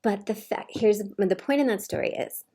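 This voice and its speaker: A woman in a casual personal monologue who rambles, with many fillers and restarts, often slipping into a soft, breathy near-whisper. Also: medium pitch, normal speed. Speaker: vlogger.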